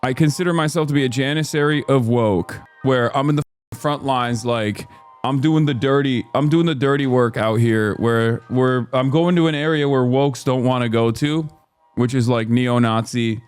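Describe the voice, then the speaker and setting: A man hosting a casual stream, rambling and animated, swinging from low mumbles to loud exasperated rants. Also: moderate pace, clean tone, soft background music. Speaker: streamer host.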